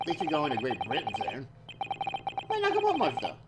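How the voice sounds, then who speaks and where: Woman, low voice, theatrical reading of game lines, wildly swinging pitch. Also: wildly swooping pitch, brisk, very noisy. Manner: theatrical, switches between character voices. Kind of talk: live-streamed dramatic reading of game dialogue. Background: loud music.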